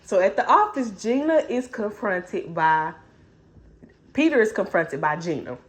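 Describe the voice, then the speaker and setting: Brief: woman book vlogger, lively pitch, chatty slang. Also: a little slow. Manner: animated, chatty storytelling with slang. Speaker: book reviewer. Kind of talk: casual book recap.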